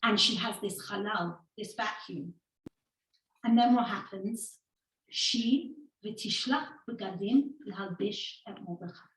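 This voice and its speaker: A woman teaching a lecture, reading verses aloud in an animated way and checking in with "okay?". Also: medium pitch, normal speed. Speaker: Torah teacher. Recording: echoey room, mic far away.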